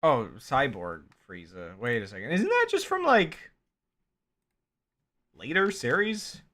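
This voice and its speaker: A male streamer talks in a bright, lively voice that swings up and down in pitch. He speaks slowly and rambles, cutting himself off mid-thought and laughing often in casual livestream commentary. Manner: rambling, self-interrupting, laughs a lot.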